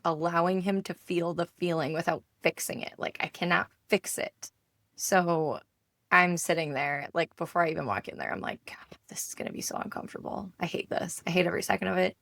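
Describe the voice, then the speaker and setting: Woman in her 30s, podcast co-host, casual storyteller, low and gravelly, dry close sound. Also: dry recording. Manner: animated storytelling, acting out her kids' voices. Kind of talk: casual chat.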